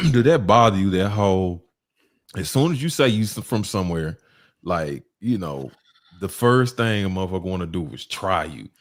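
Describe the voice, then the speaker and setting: A man's voice: deep voice, expressive, moderate pace. Brief: man, profane and curious co-host, casual. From Texas. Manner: probing, profane, trails off. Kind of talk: casual stream chat.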